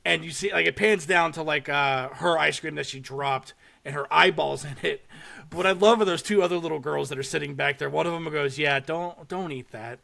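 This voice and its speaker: A young man hosting a podcast, casually and excitedly retelling a short horror film with swearing and laughter. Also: fairly high pitch, a little fast, gravelly. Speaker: podcast host. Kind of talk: casual chat.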